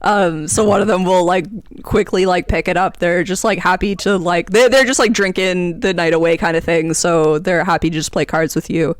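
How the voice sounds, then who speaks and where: A chatty game master describes the scene and the characters' reactions in a relaxed, filler-heavy way. The voice sits in a middle pitch range and is recorded close and dry. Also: moderate pace, hardly any pauses, clear, resonant tone, no echo. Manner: easygoing, chatty, many fillers. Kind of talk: narrating a tabletop game.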